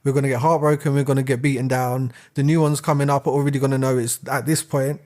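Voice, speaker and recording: A man's voice: medium pitch, level tone, quick pace, darkish tone. A man, co-hosting a casual podcast, rambling and laughing as he rants. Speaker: podcast co-host. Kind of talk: casual chat.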